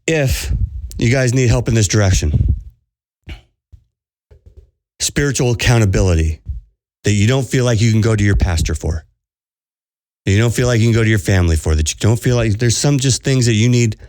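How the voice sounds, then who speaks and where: A man's voice: on the low side, expressive, normal speed, pauses often, a little mellow, no room sound, clean studio sound. A man hosting a podcast as a spiritual coach, preaching to listeners in an earnest, urgent way and repeating phrases for emphasis.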